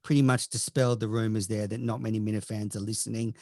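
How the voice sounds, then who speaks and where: A man's voice: fairly low pitch, steady tone, fast, warm tone, dry recording, clean studio sound. A man hosting a podcast in casual chat, giving mock-serious advice and reading listener questions. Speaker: podcast host.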